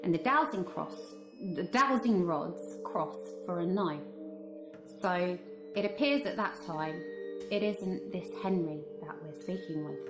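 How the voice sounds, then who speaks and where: A woman's voice: lowish voice, unhurried. A woman narrating a recap of a paranormal investigation in an earnest, suspense-building manner. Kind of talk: vlog voice-over recap. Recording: echoey room with music behind.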